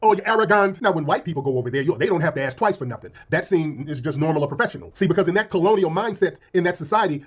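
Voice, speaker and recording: A man's voice: on the high side, slightly rough. An American man ranting to camera in a mocking, fired-up way. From United States. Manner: mocking, ranting, quotes people in put-on voices. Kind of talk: casual rant to camera.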